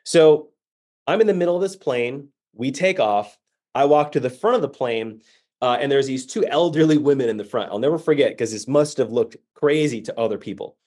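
Animated male motivational storyteller. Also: mid-range voice, normal speed. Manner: animated storyteller acting out quoted voices. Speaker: keynote speaker.

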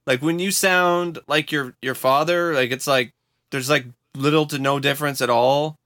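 Man, podcast co-host, animated profane rant, bright tone, dry close sound. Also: fairly high pitch, normal speed, no echo. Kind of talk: casual chat.

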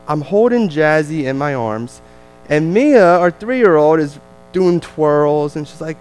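A man with a New Jersey accent, a visiting missionary telling a lively, self-deprecating family story to a church congregation. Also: on the high side, slow pace, clean tone, low-quality recording.

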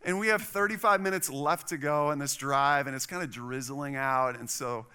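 In a mid-range voice at normal speed, a middle-aged man preaches and tells a personal anecdote with animation, performing the voices of those involved. He is a pastor, and his tone is clean.

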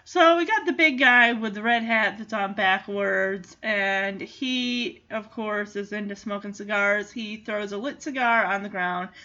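A woman chatting casually in an amused way as she recaps a movie and does quick character voices. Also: mid-range voice, sharp tone, dull audio.

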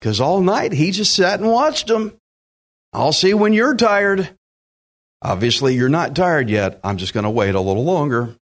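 A man's voice: medium pitch, sing-song, moderate pace, few pauses. A man preaching a sermon, emphatic and direct, acting out quotes and speaking to listeners as friends. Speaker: pastor.

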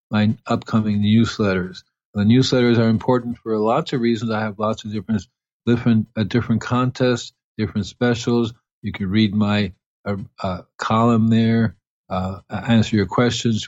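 A man's voice: lowish voice, a little mellow, lo-fi sound. A man hosting a casual gardening radio show, rambling with many fillers and restarts over music. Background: music under the voice.

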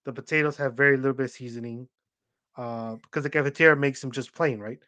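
A man's voice: medium pitch, fairly even intonation, fast, pushed and bright. A young man co-hosting a podcast in casual chat, telling rambling stories full of "like" and acting out what others said. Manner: rambling storyteller, acts out quoted voices, many "like" fillers. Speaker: podcast co-host.

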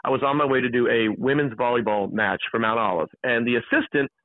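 A man calling in as a sports announcer, telling an excited, jokey story at a rapid clip. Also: medium pitch, no room sound. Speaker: guest, sports play-by-play announcer. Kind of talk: animated storytelling chat. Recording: tinny phone line.

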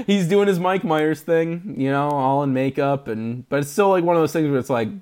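A man's voice: fairly high pitch, lively intonation, a little fast, a little mellow. A man co-hosting a podcast, chatting casually about movies, laughing often and making fun of himself. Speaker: podcast co-host. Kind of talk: casual movie-review chat.

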